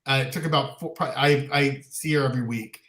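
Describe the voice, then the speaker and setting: A man's voice: medium pitch, steady tone, brisk, fairly bright tone, roomy sound. A man co-hosting a talk show, speaking candidly and animatedly, sometimes mocking others in quoted voices. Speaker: podcast co-host. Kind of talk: casual chat.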